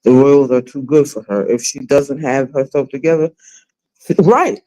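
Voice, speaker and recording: A woman's voice: extremely low pitch, moderate pace, dark tone, rough recording. A woman in her forties hosting a livestream, chatting casually with blunt, profane, dramatic storytelling. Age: 40s. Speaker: livestream host.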